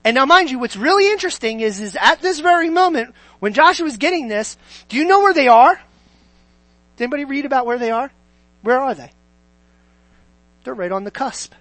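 A preacher giving a sermon, questioning the listeners and swinging from loud to near-hushed. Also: high-pitched, animated, brisk, long pauses, no echo, poor audio. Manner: asks the listeners many questions, sweeping between loud and quiet.

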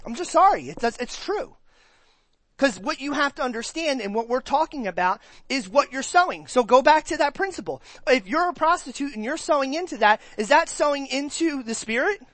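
In a high-pitched voice with no echo, a pastor gives a conversational sermon to a church, questioning the congregation and animatedly acting out their reactions in quick put-on voices.

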